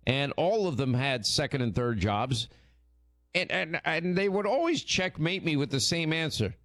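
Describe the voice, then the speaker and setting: Male radio host, animated teasing banter, very lively pitch, dry close studio sound. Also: normal speed, no echo. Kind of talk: casual on-air chat.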